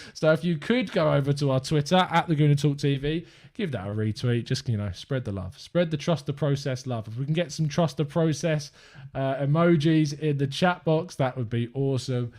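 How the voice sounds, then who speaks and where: A man's voice: mid-range voice, a little mellow. A young man with an English accent hosting a live fan-channel stream, chatting upbeat and rambling to viewers from his desk.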